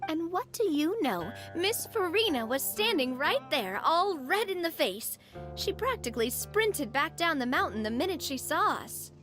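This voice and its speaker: A woman voicing a cheerful, outgoing young woman in a game, playful and quick to laugh. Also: high voice, big pitch swings, music in the background. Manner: bubbly, playful, laughs easily. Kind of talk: game voice acting.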